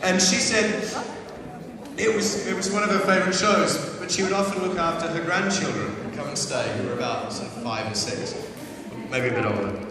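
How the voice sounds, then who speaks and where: A man's voice: high-pitched, normal speed, a crowd in the background. Playful male actor in an echoey hall. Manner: playful, self-mocking, many restarts and fillers. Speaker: actor speaking to an audience. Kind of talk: casual anecdotes on stage. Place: large hall before an audience. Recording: echoey hall, far from the mic. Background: audience sounds.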